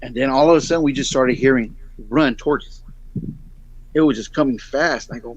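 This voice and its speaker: A brisk, medium-pitched middle-aged man tells a long story as a guest storyteller, rambling casually and acting out the other characters' lines with animation. There's no echo, just a dull lo-fi sound.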